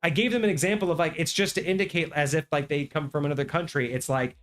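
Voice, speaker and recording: A man hosting a tabletop gaming talk show, ranting in a casual, animated way and swearing freely. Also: on the high side, fast. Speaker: podcast host. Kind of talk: casual chat.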